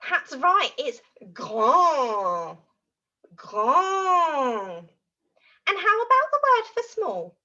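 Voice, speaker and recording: A woman teaching French to young children in an animated, exaggerated way, acting out feelings as she goes. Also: extremely high pitch, moderate pace, few pauses, lo-fi sound. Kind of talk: children's language lesson.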